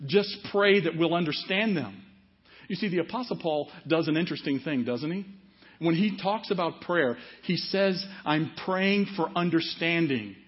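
A man's voice: a little high, slightly rough. A middle-aged man preaching a sermon in a conversational way, asking the congregation questions as he goes. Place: church service. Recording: dull, muffled sermon audio.

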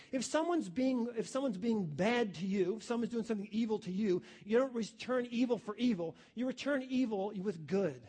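A man's voice: sits high, darkish tone, slightly rough. A man preaching a sermon, emphatic and repeating his key phrases, calling listeners his friends.

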